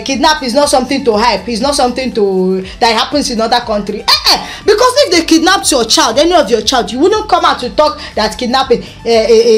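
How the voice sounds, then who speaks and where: High-voiced exasperated Nigerian woman. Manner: exasperated, full of rhetorical questions; mixes in Igbo phrases. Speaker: news commentary host. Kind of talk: ranting news commentary.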